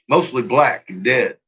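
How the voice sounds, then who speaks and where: Male streamer, husky voice, rambling and profane, muffled lo-fi mic. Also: medium pitch, fairly bright tone. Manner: rambling, profane, laughs often. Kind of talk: casual chat with viewers.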